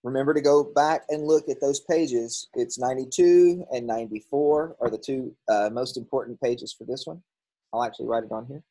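A male teacher walks through a grammar lesson in a casual, explanatory voice. His tone is a little husky, and he pauses on frequent ums and catches his own slips. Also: mid-range voice, warm tone, low-quality recording. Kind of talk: recorded classroom lesson.

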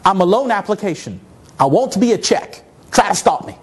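A man quoting an easygoing, helpful male coworker who calmly takes charge in a meeting. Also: high voice, brisk, slight background noise. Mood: playful.

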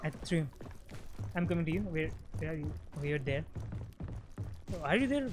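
A man hosting a casual co-op gameplay session, excitable, laughing often and repeating himself as he plays. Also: a little high, moderate pace, music in the background. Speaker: gaming channel host. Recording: loud constant background noise.

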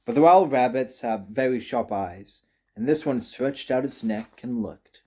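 A man reading a children's storybook aloud with gentle, expressive narration. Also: mid-range voice, a little slow, husky. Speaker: reader.

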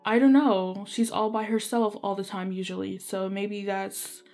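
Dismissive male professor, as a woman puts him on, low-key and offhand. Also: fairly even intonation, moderate pace, a little mellow, faint music behind, natural voice. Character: suspicious middle-aged male professor.

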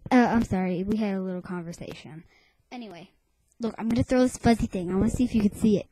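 A woman's voice: mid-range voice, fast talker, dark tone, a little hiss or hum, rough recording. A woman hosting a homemade webcam show in a playful, rambling way, often dropping into a whisper. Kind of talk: casual webcam chatter.

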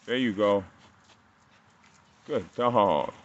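Low-voiced man rambling to his dog. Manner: rambling, halting, fumbles over words; coos praise to his dog. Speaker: dog owner and breeder. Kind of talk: casual chat to camera. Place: outdoors in a dog yard. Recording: dull lo-fi camera audio with faint outdoor noise.

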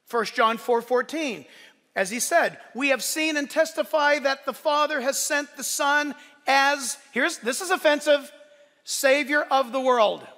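A man preaching a sermon to his church, animated and swinging from loud declarations to soft, joking asides. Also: very high-pitched, a little slow, in a large hall. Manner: playful, joking asides to the congregation. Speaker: pastor. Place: church service.

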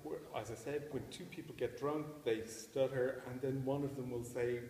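A man's voice: medium pitch, fairly even intonation, moderate pace, mellow, slight background noise. A man speaking as a student in a class discussion, hesitant and restarting his sentences, with an easy laugh. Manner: hesitant, laughing, stumbles over words. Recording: echoey room with long reverb.

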